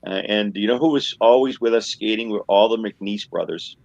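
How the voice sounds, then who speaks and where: A man reminiscing at home in his recliner, talking haltingly with many fillers, heard over a dull lo-fi remote line. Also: on the low side, vocal fry, darkish tone, no room sound. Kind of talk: casual chat, reminiscing.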